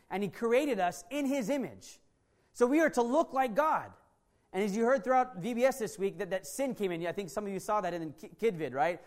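An earnest preacher delivers a sermon, circling back to the same key phrases again and again. Sentences often break off and restart mid-thought as the point is pressed home. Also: medium pitch.

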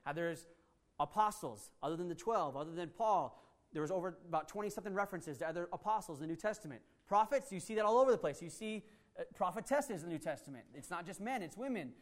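A man with a notably high voice preaches a teaching sermon. He is earnest and emphatic, and he often restarts his sentences and adds fillers as he explains scripture. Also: expressive, quick pace. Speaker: pastor.

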